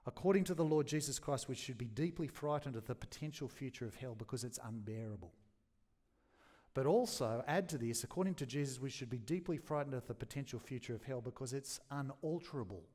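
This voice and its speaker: A man's voice: medium pitch, a little mellow. A man preaching an expository sermon in an earnest, grave teaching tone. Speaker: pastor.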